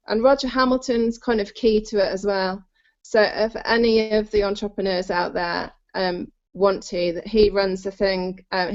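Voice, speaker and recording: Female guest from the UK, mid-pitched, chatty and explanatory, dull lo-fi call audio. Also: creaky, a little mellow. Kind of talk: conference call interview.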